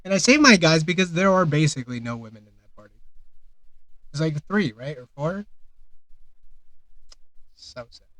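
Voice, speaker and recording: Male streamer, slightly high voice, sarcastic and exasperated, dry close mic. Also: no room sound, low-quality recording. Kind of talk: casual live-stream commentary reacting to maps.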